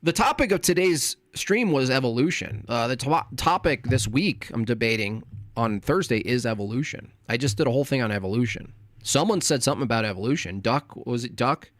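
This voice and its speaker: A man's voice: medium pitch, lively intonation, brisk, no room sound. A man streaming live, reading his chat aloud and answering it with sarcastic, combative mockery.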